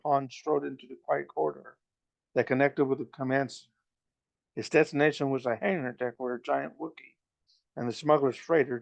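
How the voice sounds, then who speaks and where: A man reading a novel aloud, halting and restarting as he goes. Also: mid-range voice, creaky, no echo, dull audio. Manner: halting, with frequent restarts and slips. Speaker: reader.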